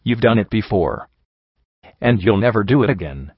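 A man reading a storybook, voicing a gentle male unicorn who speaks quietly and firmly. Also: lowish voice, lively intonation, moderate pace, slightly rough, dry recording. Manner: soft, quiet, firm. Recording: dull dry recording.

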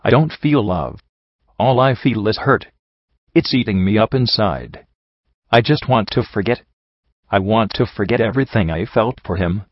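A man's voice: fairly low pitch, expressive, normal speed, dry recording. A man voicing a grieving young pegasus mare who speaks with bitter, pained weariness. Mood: hurt, bitter. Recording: dull lo-fi recording.

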